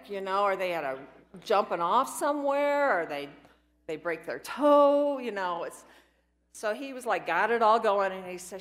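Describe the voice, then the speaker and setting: A woman's voice: mid-range voice, lively intonation, unhurried. A woman sharing her personal recovery story at a meeting, rambling and emotional, acting out what others said to her. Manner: rambling, emotional storytelling that acts out quoted voices.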